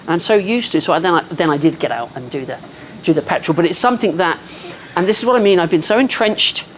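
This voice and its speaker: A woman, telling a self-deprecating story in a measured, wry way on a live podcast. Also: on the low side, animated, slight background noise. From England. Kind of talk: casual storytelling.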